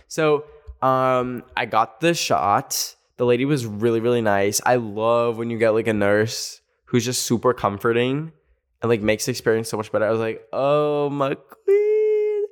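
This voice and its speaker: A man hosting a podcast, telling a story in a casual, animated way with sassy asides. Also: fairly low pitch, clear, resonant tone. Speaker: podcast host. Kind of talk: casual chat.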